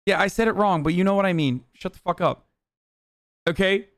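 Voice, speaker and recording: A man whose voice sits high and moves briskly hosts a ranting political commentary livestream. He's heated and sarcastic, swears a great deal, and the audio has no room sound.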